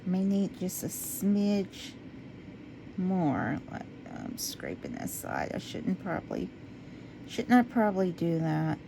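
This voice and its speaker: Woman, crafting vlogger, lower voice, talks to herself, goes quiet when focused, slow pace. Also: big pitch swings, creaky, background noise. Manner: chatty, talks to herself while working; drifts into low, quiet talk when focused. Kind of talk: casual crafting commentary.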